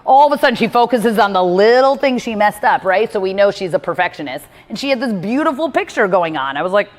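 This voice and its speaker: Lively woman host giving a motivational talk, voice ringing with long reverb. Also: medium pitch, fast talker. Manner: animated, acts out quotes from others.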